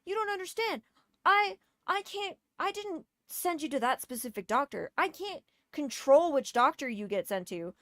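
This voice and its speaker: A woman's voice: high-pitched, lively intonation, moderate pace, fairly bright tone, dry recording, clean studio sound, voice pushed up. A woman voicing a flustered, defensive male family doctor who protests in a whiny tone.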